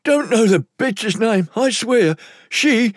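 Um homem fazendo um capanga jovem, agudo e apavorado. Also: male voice, high-pitched, expressive, takes it slowly, no echo, clean studio sound, voice pushed up, exaggerated voice. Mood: scared pleading. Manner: pleading, stammering, rough talk. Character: frightened young male hired thug.

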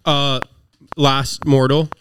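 A man's voice: mid-range voice, little pitch movement, takes it slowly, a bit bright, a little hiss or hum. Blunt, profane male co-host. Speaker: podcast co-host. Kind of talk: casual sports betting chat.

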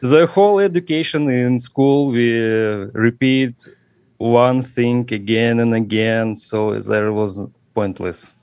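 A man from Russia speaking English with a Russian accent as a podcast guest, pausing often to search for words. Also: medium pitch, a little mellow, dry recording. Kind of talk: casual interview chat. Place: home at night, remote call.

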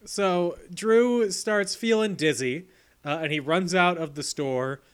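A man's voice: high-pitched, slow, clean tone. A man co-hosting a podcast, recapping a movie's plot in wry, laid-back casual chat. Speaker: podcast co-host.

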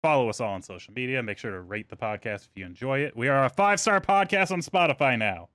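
A man's voice: mid-range voice, lively intonation, fast, fairly bright tone, no echo. A man hosting a casual podcast, joking around with his co-hosts before wrapping up the episode. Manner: joking, wraps up plainly. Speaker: podcast host.

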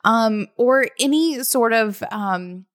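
A woman co-hosting a podcast, chatting casually and softening her points with "sort of" as she gives advice. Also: a little high, expressive, slow pace, dry recording, studio quality. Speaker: podcast co-host.

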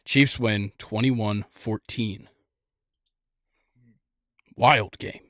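A man's voice: on the low side, fairly even intonation, extremely slow, fairly bright tone, no echo, studio quality. A young man hosting a casual sports podcast, rambling and joking with lots of fillers. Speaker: podcast host.

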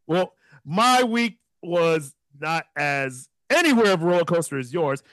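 A man in his thirties co-hosting a podcast, telling a story in a casual, profane and animated way, laughing often. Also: fairly high pitch, unhurried, no room sound. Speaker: podcast co-host.

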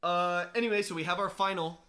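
A man's voice: sits high, fairly even intonation, fairly quick, sharp tone. A young man co-hosting a sports podcast, chatting enthusiastically and laughing often. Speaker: podcast co-host. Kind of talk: casual sports chat.

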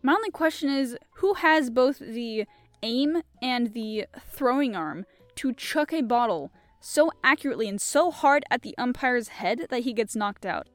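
Young woman, casual host, giggly, rambling, fillers, fairly high voice, dry close sound. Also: lively intonation, unhurried, no room sound, soft background music. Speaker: podcast host. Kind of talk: casual chat reading mystery puzzles aloud.

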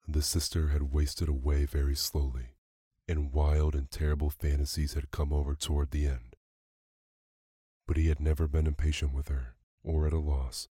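A man narrating a classic short story for a sleep podcast in a calm, even storytelling manner. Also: extremely low pitch, slightly rough, no echo, studio quality. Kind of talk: bedtime story reading.

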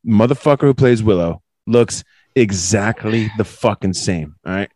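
A man's voice: on the low side, moderate pace, darkish tone, no room sound, clean studio sound. A man co-hosting a podcast, telling rambling, profane stories in casual chat.

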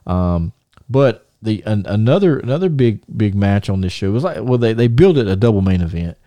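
A man hosting a podcast, telling a long story in a rambling, animated way with many restarts. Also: fairly low pitch, normal speed, dry recording. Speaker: podcast host. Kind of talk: casual storytelling and show segment intro.

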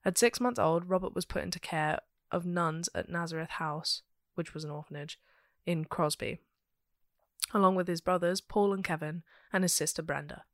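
A woman with a London accent, co-hosting a podcast and telling a true crime case in a steady, matter-of-fact way with dry asides. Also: lowish voice, normal speed, no room sound. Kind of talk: casual chat reading out researched notes.

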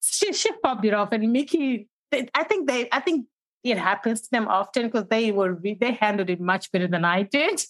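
A woman hosting a casual chat, telling her stories in an animated way and acting out her own inner voice. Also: fairly high pitch, normal speed, no room sound. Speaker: host.

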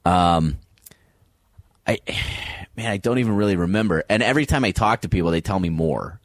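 Man, low voice, lively pitch swings, dry sound, comedian storytelling. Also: normal speed, no room sound. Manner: animated, acts out voices in stories. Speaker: comedian guest. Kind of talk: storytelling interview.

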